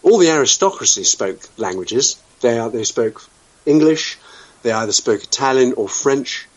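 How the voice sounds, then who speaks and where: A man's voice: mid-range voice, lively intonation, moderate pace, highs cut off. A man from the UK hosting an internet radio talk show, wry and blunt, throwing out sweeping opinions with the odd swear word. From United Kingdom.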